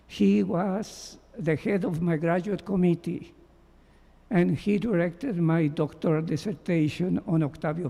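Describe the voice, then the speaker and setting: Slow, gravelly man in a hall. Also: sits high, warm tone. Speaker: memorial speaker, former doctoral student. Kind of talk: reading a prepared memorial tribute. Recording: long hall reverb.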